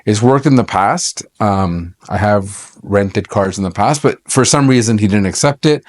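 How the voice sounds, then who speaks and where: A man's voice: on the low side, moderate pace, few pauses. A middle-aged man from Canada, an accountant, telling a personal story to camera in a chatty, aggrieved way with many fillers and restarts.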